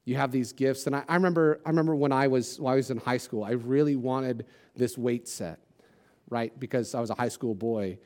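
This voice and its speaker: A man's voice: medium pitch, brisk, darkish tone. A man preaching a sermon as a pastor, casual and conversational, with self-deprecating jokes and lots of "like" and "you know".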